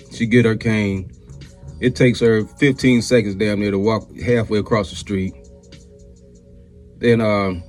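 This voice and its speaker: Man telling a rambling profane story. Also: a little mellow. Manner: rambling, profane, repeats "you know what I'm saying"; acts out quoted women in a raised pitch. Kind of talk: casual storytelling monologue.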